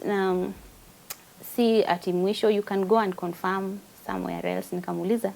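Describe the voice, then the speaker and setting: A woman's voice: medium pitch, steady tone, moderate pace, creaky, dark tone, rough recording. A woman with a Kenyan accent, a guest giving an emotional personal testimony and mixing Swahili with English.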